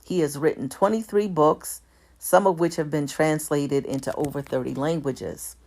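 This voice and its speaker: A woman reading a document aloud in a measured, deliberate way, speaking even the formatting marks and pausing to correct herself. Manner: reads out formatting marks like "all caps" and "lowercase"; measured, deliberate delivery with small self-corrections. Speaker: commentator.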